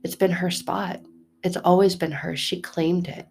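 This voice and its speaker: A woman in her thirties telling a personal faith story as a mother, casual and animated, with laughing, mock-exasperated asides. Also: on the low side, unhurried, gravelly. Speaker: mother sharing a faith reflection. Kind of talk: casual spoken reflection.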